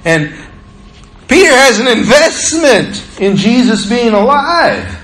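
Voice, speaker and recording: A male pastor preaching a sermon with animated delivery, acting out the scripture. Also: very high-pitched, takes it slowly, reverberant.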